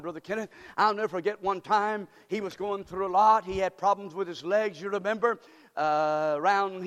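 Male pastor, high-pitched, fervent sermon with shouted call-and-response, echoing church hall.

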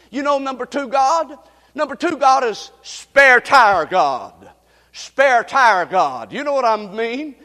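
A man preaching a sermon emphatically, repeating phrases and rising to shouts, recorded in a church sanctuary. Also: very high-pitched, lively intonation, slow pace. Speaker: pastor. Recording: long reverb in a large hall.

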